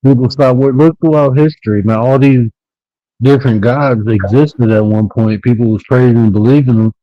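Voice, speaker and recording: A man's voice: mid-range voice, moderate pace, no echo, highs cut off. A man who hosts his own podcast, talking bluntly in a casual panel chat with informal grammar.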